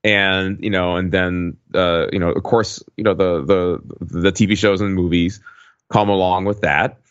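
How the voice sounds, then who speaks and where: Podcast host, man in his forties, low voice, rambling and filler-heavy, dry dull mic. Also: fairly even intonation, measured pace, smooth, no echo. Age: 40s. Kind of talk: casual chat.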